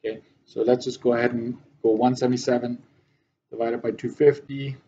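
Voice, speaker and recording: A man's voice: mid-range voice, flat delivery, fairly quick, warm tone, muffled recording, slight background noise. A male math teacher giving a classroom lesson, often checking that his students follow.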